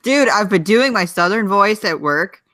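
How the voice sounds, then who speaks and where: A young man co-hosting a podcast, chatting casually, wry and quick to laugh. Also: sits high, expressive, pushed and bright, dry recording. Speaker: podcast co-host. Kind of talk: casual chat.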